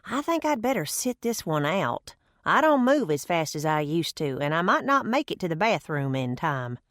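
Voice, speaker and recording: A folksy old grandmother with a stubborn streak and a homespun way of talking, put on by a woman reading an audiobook. She leans a little higher and livelier than the narrator's low voice. The sound is close and dry. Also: very animated, normal speed, a bit bright, no echo.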